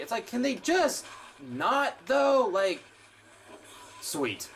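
A man's voice: sits high, huge pitch swings, slow, fairly bright tone. A man playing a horror game and commenting as he plays, swearing and ranting at the enemies. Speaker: gameplay streamer. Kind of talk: let's play commentary.

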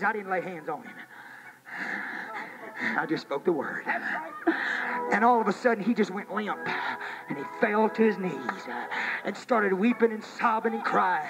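A man preaching a sermon in a church, telling a story and then rising to shouted exhortation, in an archival 1980s recording. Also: high voice, normal speed, long pauses, over music, rough recording.

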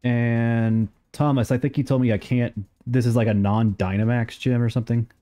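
A young man streaming a game and chatting casually, rambling along with sudden excited outbursts. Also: medium pitch, normal speed, faint music behind. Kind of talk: casual live gameplay commentary.

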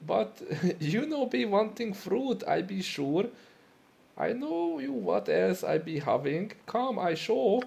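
Man playing a high, loud mock-German shopkeeper, broken grammar. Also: very animated, slow, vocal fry, exaggerated voice. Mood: pushy. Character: pushy German male shopkeeper, eager to sell.

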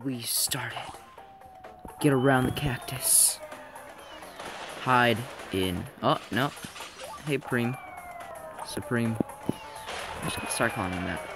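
A young man casually commenting on his own game, joking and shouting at teammates. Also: medium pitch, slow pace, long pauses. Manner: excitable, jokey, shouts at teammates. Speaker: gameplay commentator. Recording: game music behind.

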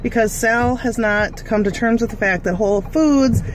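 A woman's voice: on the high side, moderate pace, slight background noise. A woman hosting a casual cooking vlog, chatting in a rambling way with fillers and asides. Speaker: cooking vlogger. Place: car, then home kitchen.

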